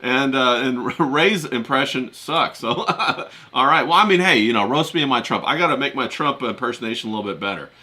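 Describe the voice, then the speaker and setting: A man hosting a relaxed podcast stream, reading out messages from the live chat. He talks loosely with plenty of fillers, and his voice is bright and sharp at a mid pitch. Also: brisk, few pauses. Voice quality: relaxed, frequent "yeah" and "uh" fillers. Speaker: podcast co-host.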